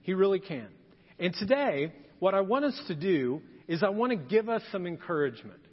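A man's voice: high-pitched, sing-song, normal speed, slightly rough. A male pastor delivering a humorous storytelling sermon, acting out scenes in quoted voices. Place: church sanctuary. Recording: dull lo-fi sound with long hall reverb.

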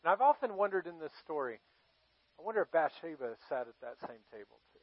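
A high-voiced male pastor delivers a sermon as casual storytelling. He pauses for effect and puts questions to his listeners. The recording is dry and slightly dull. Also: sing-song, husky, dry recording. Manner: conversational storytelling, dramatic pauses, asks the audience questions.

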